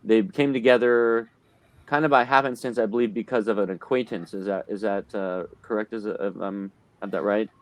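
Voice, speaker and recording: A man's voice: lowish voice, steady tone, moderate pace. A man narrating and recapping a tabletop horror game as game master, hesitant with many fillers and restarts, talking into a desk mic on an online call.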